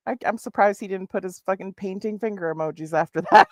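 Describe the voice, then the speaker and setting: A woman's voice: medium pitch, moderate pace, dry recording. A woman streamer reacting to videos, laughing a lot and swearing as she talks to her chat.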